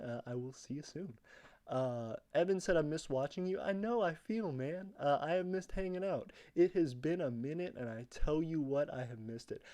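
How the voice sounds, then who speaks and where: A man's voice: fairly high pitch, warm tone. A young man hosting a casual livestream, greeting viewers from chat and rambling with lots of fillers. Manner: rambling, reads chat aloud, many fillers. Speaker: livestream host.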